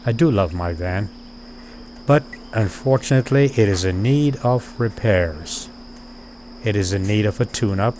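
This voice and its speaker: A man talking in a slow, deliberate, dryly wry way, like he's keeping a video diary. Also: lowish voice, a little hiss or hum. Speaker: vlogger.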